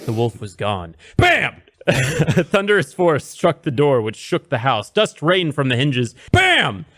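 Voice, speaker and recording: A man's voice: mid-range voice, expressive, a little slow, no room sound, clean studio sound. A man reading a fairy tale aloud in a dramatic, mock-solemn storybook style. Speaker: narrator. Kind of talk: storybook narration, comedic.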